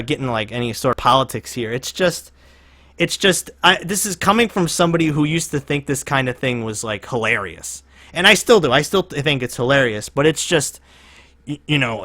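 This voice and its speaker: A man's voice: a little high, pushed and bright. A man doing reaction commentary, profane and rambling, laughing and restarting often as he mocks what he watches.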